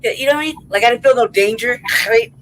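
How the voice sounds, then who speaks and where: A woman's voice: a little high, quick pace, a little hiss or hum, rough recording. Loose, profane woman telling a story. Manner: loose and profane, full of "you know what I mean" and "right?"; laughs through her story. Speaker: podcast host. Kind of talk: casual storytelling chat.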